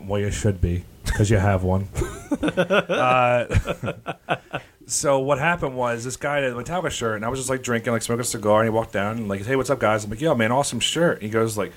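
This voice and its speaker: A man's voice: medium pitch, moderate pace. A man, a comedian telling a crude, rambling story in casual chat and laughing as he goes. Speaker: comedian, podcast guest.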